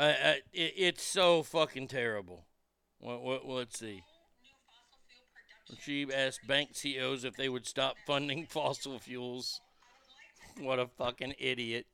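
A man's voice: a little high, creaky, bright, forceful tone, smooth, no echo, clean studio sound. A man in a car giving crude, angry commentary while reacting to a news clip. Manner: angry, crude, blunt, heated. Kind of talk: profane ranting commentary.

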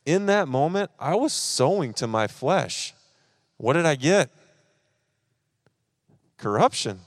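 A man's voice: on the high side, big pitch swings, slow pace, dry recording, clean studio sound. A man, preaching at a church service and animatedly acting out his own frustration while telling a personal story. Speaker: pastor.

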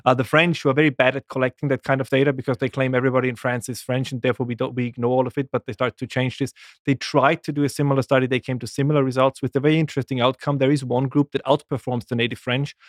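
A man, a guest making lively, animated arguments in a casual political discussion. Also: medium pitch, very fast, no room sound, clean studio sound. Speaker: guest commentator.

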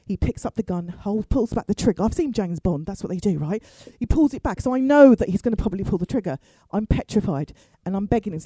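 Lively woman telling comic stories. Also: on the high side, a little fast, few pauses, breathy edge, no echo, poor audio. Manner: animated, swears freely, wry asides. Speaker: stand-up comedian. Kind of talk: comic storytelling.

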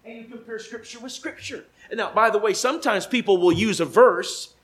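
A man preaching as a traveling evangelist, emphatic and given to repeating key phrases, moving between loud pleading questions and quiet conversational asides. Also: high-pitched, fairly quick, slightly rough, rough recording. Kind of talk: sermon.

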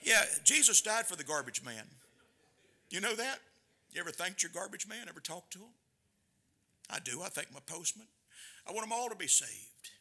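A middle-aged man preaching a sermon, swinging between loud bursts and quiet asides. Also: high voice, very animated, moderate pace, long pauses. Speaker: pastor.

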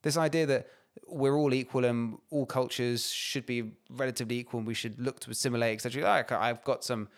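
A man tears through his points at a rapid clip, swearing freely and hammering each point home. He co-hosts a casual podcast, and his voice sits at a middling pitch. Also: steady tone. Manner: swears a lot, heated and emphatic. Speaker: podcast co-host. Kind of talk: casual political chat.

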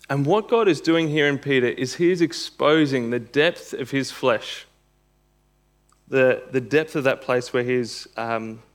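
A man preaching a sermon and reading scripture aloud, earnest and emphatic, building to bursts of intensity. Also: mid-range voice.

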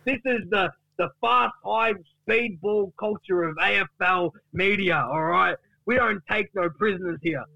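A man putting on a brash, crude, boastful man who shouts his lines in a raised, high voice. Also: measured pace, gravelly, few pauses, dry recording, highs cut off, heavily acted.

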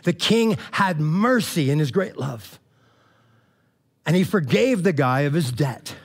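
A man's voice: a little high, lively intonation, measured pace, breathy edge. A man, a pastor, preaching a casual sermon and retelling scripture in loose, slangy, chatty language with many restarts.

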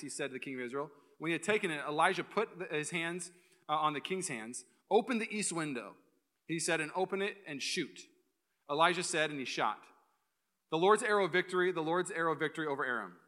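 A young man preaching a sermon as pastor, energetic and full of joking asides. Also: a little high. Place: church hall.

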